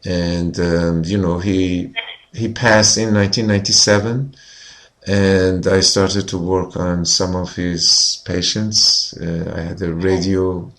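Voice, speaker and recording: A man with a fairly low voice tells his own story as an interview guest. He speaks earnestly, leans often on "you know", and grows animated when he talks about feelings. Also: slow pace. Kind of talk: personal storytelling in conversation.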